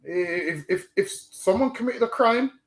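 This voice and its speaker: A man's voice: high-pitched, animated, a little slow, echoey room. A man preaching on the street in casual, emphatic talk, leaning on "listen, man".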